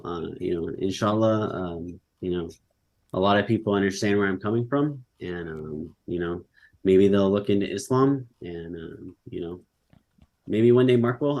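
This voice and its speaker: A man debating online, talking casually with many pauses, ums and fillers. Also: low voice, darkish tone. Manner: halting, full of ums and likes.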